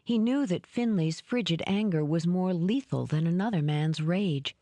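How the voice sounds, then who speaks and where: A woman narrating an audiobook in a measured, even manner. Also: on the low side, no room sound. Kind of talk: scripted narration.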